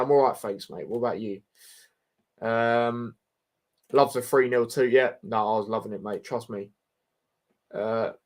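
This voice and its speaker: Laid-back young man streaming. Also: mid-range voice. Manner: laid-back, banter-heavy, frequent fillers like mate and bro. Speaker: football livestream host. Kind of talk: casual livestream chat reading viewer comments.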